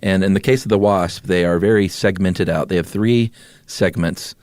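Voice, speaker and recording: A man's voice: deep voice, moderate pace, a little mellow, dry recording. A man co-hosting a podcast, explaining things in an easygoing way and laughing often. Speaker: podcast co-host. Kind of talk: casual chat.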